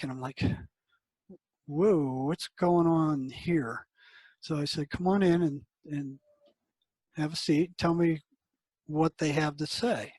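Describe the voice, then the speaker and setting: A man's voice: a little high, slightly rough, no room sound, poor audio. An older man, a psychotherapist, telling a story in a casual, conversational way and acting out the dialogue. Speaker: psychotherapist guest. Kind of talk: storytelling interview answer.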